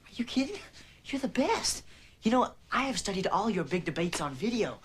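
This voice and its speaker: A man's voice: high voice, sing-song, moderate pace, husky, heavily acted. An actor playing an earnest young man from the country, a college debater who talks in a Southern accent with a modest, folksy manner. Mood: admiring. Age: young adult. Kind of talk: film acting.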